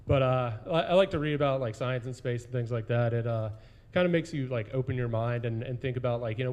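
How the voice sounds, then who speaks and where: A man's voice: mid-range voice, normal speed, darkish tone. A man doing stand-up storytelling at an open mic, rambling casually with lots of fillers. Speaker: stand-up comic. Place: brewery taproom stage.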